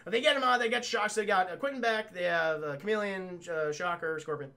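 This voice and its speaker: A man's voice: sits high, fast, bright, forceful tone. A man giving a profane, rambling casual recap of a cartoon episode on a live stream, talking to his chat.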